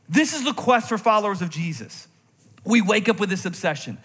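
A man preaching a sermon in a church, animated, moving between intense emphasis and quiet reflective moments. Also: sits high, a little fast, breathy edge. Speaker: pastor. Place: church sanctuary. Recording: long hall reverb from a church sanctuary.

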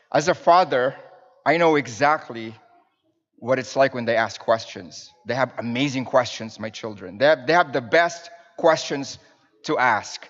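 A man in his thirties preaching a sermon as a minister, telling family stories in a conversational, storytelling way to the congregation. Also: a little high. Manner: warm storytelling with fillers and restarts, addressing the congregation. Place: church sanctuary with pews. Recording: dull sound in a reverberant church hall.

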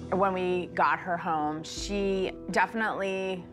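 Woman, earnest, low-ish voice, TV interview, music clearly underneath. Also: fairly even intonation, slow pace. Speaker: dog owner on a reality show. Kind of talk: TV confessional interview.

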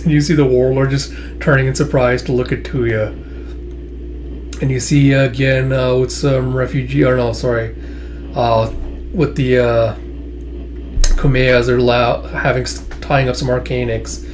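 A man's voice: medium pitch, little pitch movement, measured pace, a little mellow, a little hiss or hum. A man casually narrating a comic aloud with many fillers. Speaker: comic reader, channel host.

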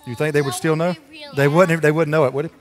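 A chatty pastor talks with children during a church service and keeps asking them questions. His voice sits somewhat high for a man. A long reverb from the sanctuary trails behind every word. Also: fairly even intonation, fast talker. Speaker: pastor leading a children's moment. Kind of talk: children's sermon and prayer.

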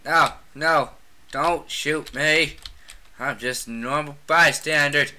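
Excitable gamer with a very bright voice. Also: medium pitch, takes it slowly. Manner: excitable, trash-talking, frequent shouted outbursts. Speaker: gamer playing a shooter. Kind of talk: casual gameplay commentary.

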